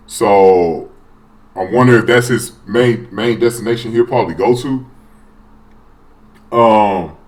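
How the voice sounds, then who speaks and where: Excitable man ranting about football. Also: fairly low pitch. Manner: excitable, profane, rambling with many restarts. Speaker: sports fan vlogger. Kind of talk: casual sports rant.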